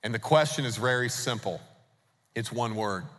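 A man's voice: medium pitch, normal speed, fairly bright tone. A man preaching a sermon as pastor, emphatic and putting rhetorical questions to the congregation. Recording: long reverb of a large hall.

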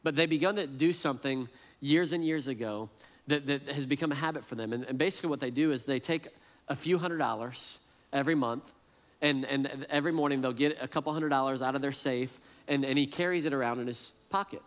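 A man's voice: medium pitch, fairly quick. Earnest preaching man in a reverberant hall. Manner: earnest, repeats words as he restarts. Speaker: pastor. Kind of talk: sermon. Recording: long reverb, as in a large hall.

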